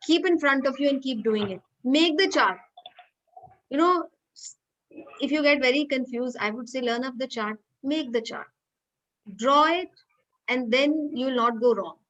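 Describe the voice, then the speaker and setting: A woman's voice: high voice, unhurried, a bit bright, lo-fi sound. A woman with an Indian English accent lecturing an online class, patient and repeating key points step by step.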